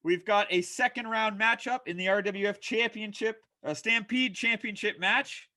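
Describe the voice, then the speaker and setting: A man with a high-pitched voice hosts a fantasy wrestling show, calling the matches play-by-play at a normal speed. His energy builds until he's shouting during the big moments.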